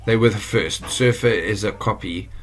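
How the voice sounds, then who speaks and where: A South African man walks through an online course lesson in a relaxed, chatty way. His voice sits a little low. He wanders off on asides and corrects himself mid-sentence. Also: moderate pace, faint music behind. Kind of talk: casual screen-share tutorial.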